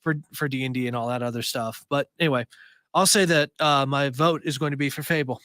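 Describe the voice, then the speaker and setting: A man's voice: mid-range voice, steady tone, fairly quick, bright, forceful tone, no room sound, clean studio sound. A man co-hosting a podcast, talking enthusiastically in casual panel chat, rambling a little with fillers. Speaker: podcast co-host.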